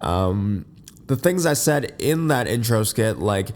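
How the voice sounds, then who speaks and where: A man hosting a casual, rambling podcast from his bed. He has just woken up, and his voice is deep and a little congested. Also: lively intonation, measured pace. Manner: rambling, many fillers and restarts. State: groggy, just woke up. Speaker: podcast host. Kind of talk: casual unscripted podcast monologue. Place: in bed at home.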